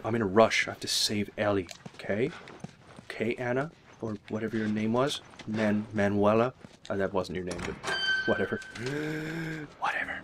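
A man doing jokey, excitable gameplay commentary, yelping and muttering as he plays. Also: fairly low pitch, background noise. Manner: excitable, jokey, swears mildly, yelps when hit. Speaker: let's play gamer. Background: game music.

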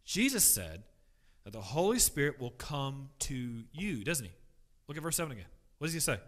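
A man teaching a church Bible class, emphatic, swinging between loud stress and quiet asides, often repeating words as he restarts. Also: mid-range voice, big pitch swings, normal speed.

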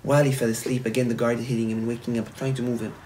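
Animated storytelling rabbi. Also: male voice, mid-range voice, very fast, a little hiss or hum, rough recording. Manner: animated, repetitive, frequent restarts. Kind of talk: storytelling sermon.

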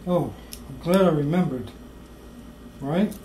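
A home cook talking through baking in a slow, whimsical, playfully mock-serious way in a kitchen. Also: mid-range voice, expressive, dark tone, echoey room, a little hiss or hum, poor audio. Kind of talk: playful cooking video banter.

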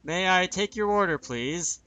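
A man voicing a nervous young waitress with strained politeness, pitched a little higher than his own voice. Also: expressive, unhurried, pushed and bright, soft background music, heavily acted. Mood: strained polite.

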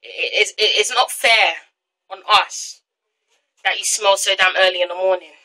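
A woman's voice: mid-range voice, steady tone, moderate pace, bright, forceful tone, rough recording. A teenage girl ranting into a phone held at arm's length, heated and exasperated, stumbling over restarts. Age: teens. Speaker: vlogger. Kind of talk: ranting vlog.

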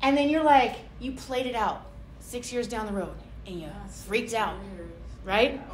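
A woman with a bright, high voice preaches in a roomy church, her sermon loose and chatty. She slips into playful little voices as she acts out everyday prayers. The room rings around her with a faint hum underneath. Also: expressive, measured pace. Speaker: pastor. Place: church hall.

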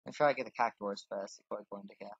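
A man's voice: lowish voice, steady tone, racing, gravelly, breathy edge, no echo. A man casually commenting on his game as he plays, rambling and making fun of himself. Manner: rambling, self-mocking, thinks aloud while playing. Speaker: gaming channel host. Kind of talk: casual let's-play commentary. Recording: dull lo-fi dry mic.

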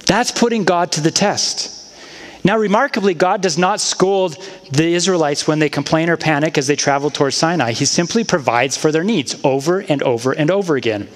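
A pastor preaching a sermon in a relaxed, talk-like way, tossing in casual asides. His voice sits a little high for a man. The sound carries a long church-hall reverb. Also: fairly quick. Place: church sanctuary.

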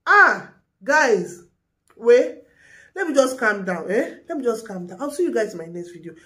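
A young Nigerian woman vlogging an angry rant into a phone camera, pleading and animated, mixing in pidgin. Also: mid-range voice, fast. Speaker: skincare vlogger and seller.

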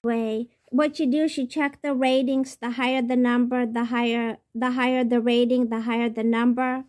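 Chatty high-voiced woman vlogger. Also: flat delivery, moderate pace, a little mellow. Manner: rambling and chatty, with many ums and restarts. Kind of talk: casual product tips vlog.

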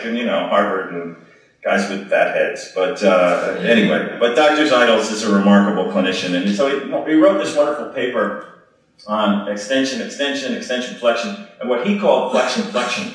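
A man giving a conversational medical lecture, telling stories in an informal way with plenty of fillers. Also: lowish voice. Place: lecture hall. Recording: echoey hall from far off.

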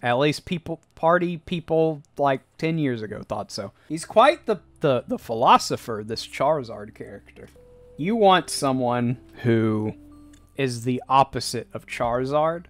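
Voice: medium pitch, animated, a little slow, faint music behind. A livestreamer chatting casually to chat while drawing, goofy and laughing often between jokey asides.

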